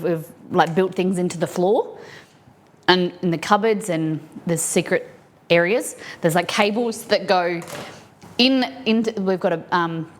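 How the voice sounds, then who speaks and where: A young Australian woman casually chatting with her stream chat as she cooks in her home kitchen, rambling from one thing to the next. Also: on the low side. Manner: chatty, rambling, talks to chat while cooking. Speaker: streamer cooking on a live stream. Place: home kitchen set up as a studio.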